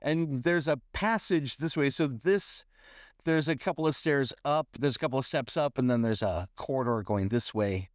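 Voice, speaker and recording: A man narrates a tabletop game as game master, feeling his way through descriptions with restarts. His voice sits at an ordinary pitch. The recording is dry and close. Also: no echo. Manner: halting, many fillers and restarts while describing.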